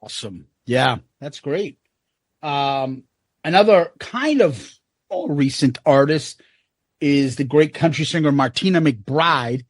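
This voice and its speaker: Lively, chatty podcast man. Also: fairly high pitch, slow pace, no room sound, clean studio sound. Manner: rambling, joking storyteller. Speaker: podcast co-host. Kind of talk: casual chat.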